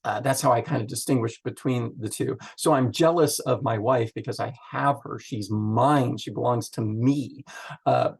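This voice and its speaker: A man's voice: medium pitch, moderate pace, gravelly, breathy edge. A man leading a Bible study, chatting through the text in a loose, thinking-aloud way with many fillers. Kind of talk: casual Bible teaching.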